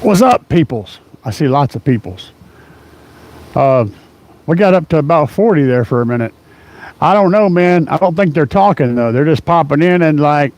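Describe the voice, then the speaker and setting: A man's voice: a little high, expressive, moderate pace, darkish tone, no echo. Rambling car audio stream host, man. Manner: rambling, rough-edged, laughs a lot, lots of fillers. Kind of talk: casual live-stream chat.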